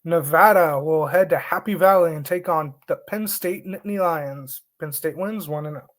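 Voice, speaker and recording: A man's voice: fairly high pitch, moderate pace, a bit bright. A man hosting a sports show, casually talking through his college football picks, rambling and correcting himself as he goes. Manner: rambling, self-correcting, joking melodramatic disgust. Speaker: sports podcast host.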